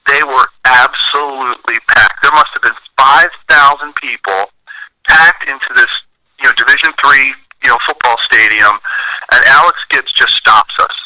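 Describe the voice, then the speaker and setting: A man's voice: medium pitch, moderate pace, bright, forceful tone, dry recording, rough recording. A man in his forties, a former football lineman, telling chatty stories in an interview with many fillers. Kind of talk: casual storytelling interview.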